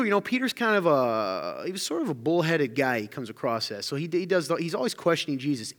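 A man preaching a sermon as a pastor, telling stories with lively acted-out quotes. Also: a little high, fast talker, hardly any pauses. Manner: animated storytelling, acts out quotes. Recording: live hall reverb.

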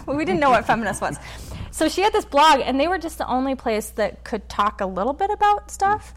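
A woman guest on a podcast, telling a personal story in a quick, animated way and acting out what others said. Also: high-pitched. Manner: animated, quick storyteller who acts out quotes. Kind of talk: conversational storytelling interview.

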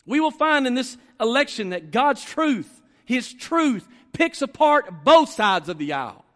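A male pastor delivers a sermon in a strikingly high voice. He presses his points by repeating phrases and slowing down. A long reverb trails every line in a large church sanctuary. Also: big pitch swings, fairly bright tone. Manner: emphatic, repeats phrases and slows down to stress points.

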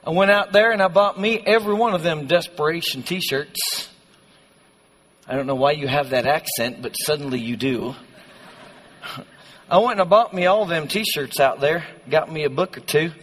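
A man's voice: mid-range voice, steady tone, measured pace, long pauses, slightly rough, voice pushed down. A man voicing a lukewarm young churchgoer who brags in a folksy drawl and stumbles over his excuses. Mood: boastful. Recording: long hall reverb.

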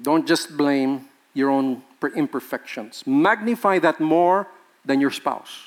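A man's voice: on the high side, slow. A male pastor, preaching a sermon with emphatic rhetorical questions and laughing with the congregation.

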